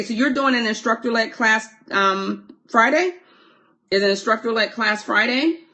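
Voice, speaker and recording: Pitched on the high side, her voice sounds pushed and bright as she coaches an online course live. Chatty and prone to repeating herself, she stops partway through sentences to welcome and thank viewers while reading their comments.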